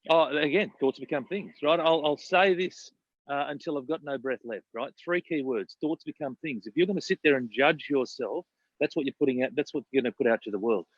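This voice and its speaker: A man's voice: mid-range voice, a little fast, dry recording, lo-fi sound. Emphatic man coaching. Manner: emphatic, repeats words and says "right?". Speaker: business coach. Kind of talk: casual podcast chat.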